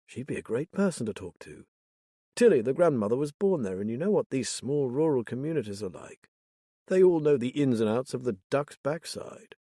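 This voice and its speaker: This is scripted narration of a thriller audiobook, delivered by a man with a mid-range voice in a steady, even manner. It's a dry, clean studio recording.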